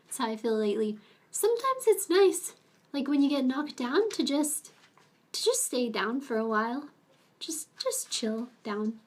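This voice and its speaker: A woman's voice: sing-song, a little slow. A young woman streaming from home, chatting casually with her viewers and talking to her pets now and then. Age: young adult. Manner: chatty, talks to her pets in a high baby voice. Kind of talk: casual livestream chat.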